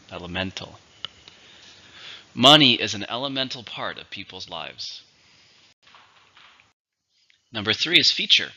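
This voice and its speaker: A man teaching an English vocabulary lesson, pronouncing words slowly and carefully for learners. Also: lowish voice, sharp tone. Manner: slow, careful pronunciation drills. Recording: dull lo-fi recording.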